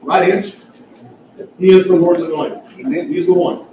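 A man preaching a sermon with impassioned emphasis that builds toward near-shouts. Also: sits high, normal speed, slight background noise. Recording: echoey hall, heard from far off.

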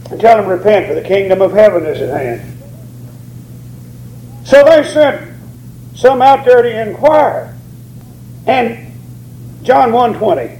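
Male preacher, emphatic and drawn-out delivery, dark gravelly tone, recorded in an echoey hall. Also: high-pitched, slight background noise. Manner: drawn-out emphatic preaching, rising on key words. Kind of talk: sermon.

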